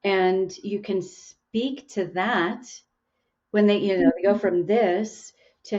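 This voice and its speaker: A woman's voice: on the low side, fairly even intonation, slow, a little mellow, lo-fi sound. A woman hosting an interview podcast, musing aloud in casual chat with frequent restarts. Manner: musing, with many restarts and fillers. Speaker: podcast host.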